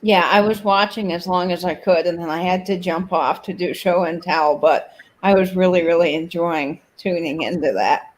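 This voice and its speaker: Low-voiced woman on a video chat. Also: moderate pace. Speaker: guest. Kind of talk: casual live video chat. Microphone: computer mic on video call.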